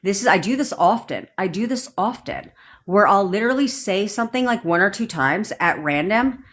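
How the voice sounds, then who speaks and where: A woman's voice: medium pitch, animated, moderate pace, a bit bright. A woman manifestation coach on a live stream, ranting bluntly and swearing casually while answering viewers' comments.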